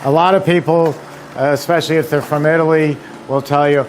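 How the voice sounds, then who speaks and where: A man's voice: on the high side, steady tone, brisk, slight background noise. A man presenting at a seminar, telling anecdotes in a chatty, filler-laden way. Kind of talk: demonstration talk.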